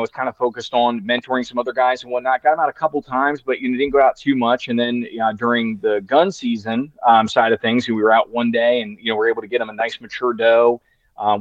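A man in his thirties chats his way through a story, looping back on himself and leaning on "you know" at every turn. His voice sits at an ordinary middle pitch. The sound is dry and a bit dull, with no room around it. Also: no room sound. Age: 30s. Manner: rambling, heavy use of "you know" fillers and restarts. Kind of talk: casual storytelling chat.

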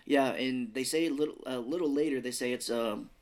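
A man's voice: medium pitch, brisk. A man in his thirties co-hosting a casual movie podcast, joking and acting out lines in silly voices. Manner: laughing, jokey, acts out movie lines in voices. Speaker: podcast co-host. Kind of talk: casual movie recap chat.

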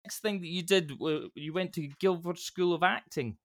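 A man hosting a podcast interview, asking questions in a loose, halting way with frequent restarts. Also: high voice, no echo, clean studio sound. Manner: hesitant, restarts, chuckles. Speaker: podcast host. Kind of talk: casual interview chat.

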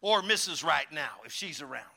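A man preaching in a church with a high, piercingly bright voice. He talks to the congregation in a folksy, emphatic way and lifts into fervent bursts. His delivery swings between homey asides and urgent preaching. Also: lively intonation, fairly quick, creaky. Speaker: pastor. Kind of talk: sermon. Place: church sanctuary.

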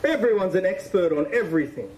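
A man's voice: high-pitched, lively intonation, quick pace, a little mellow, far from the mic, a little hiss or hum, poor audio. Conversational man preaching a sermon. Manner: conversational, emphatic, repeats phrases for stress.

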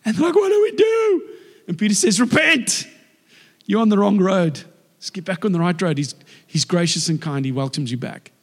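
Man preaching in a reverberant hall. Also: moderate pace. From South Africa. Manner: animated, acts out quoted voices with big pitch jumps. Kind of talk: sermon storytelling. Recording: long reverb of a large hall.

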